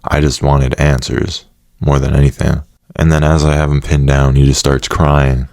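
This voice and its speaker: Young man, very low voice, dark tone, casual profane storytelling, laughs now and then. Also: level tone, moderate pace, gravelly, no room sound, studio quality.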